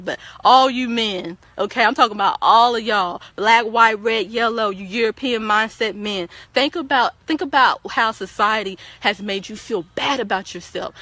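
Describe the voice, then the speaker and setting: A woman speaks on a casual livestream with a bright, forceful voice pitched somewhat high. She lectures her viewers in an emphatic, preachy tone. She often stumbles and repeats a word as she starts a sentence. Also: no echo. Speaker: guest on a livestream talk show. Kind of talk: casual opinionated livestream talk.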